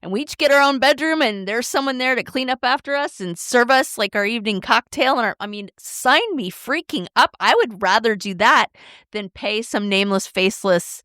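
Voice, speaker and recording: A middle-aged woman co-hosting a podcast, talking in a candid, animated way and often asking "right?". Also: fairly high pitch, normal speed, no echo, clean studio sound. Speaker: podcast co-host. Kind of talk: casual chat.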